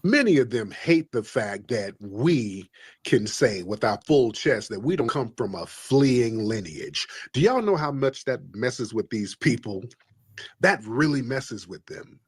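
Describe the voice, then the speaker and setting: A man's voice: medium pitch, animated, measured pace, breathy edge, no room sound. A man hosting a call-in livestream, preachy and emphatic, repeating his points. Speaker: livestream host. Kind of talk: combative call-in livestream talk.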